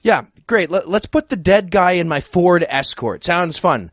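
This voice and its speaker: A man's voice: sits high, expressive, unhurried, no echo, studio quality. A man voicing a sarcastic, put-upon male henchman in an improvised comedy skit, incredulous and mocking.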